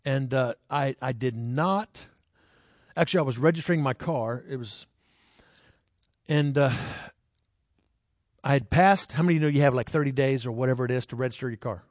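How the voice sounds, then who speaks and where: A man's voice: moderate pace, long pauses, no echo, studio quality. A man preaching a sermon in a conversational way, telling personal stories and asking the crowd questions. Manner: jumps into high voices when acting out people.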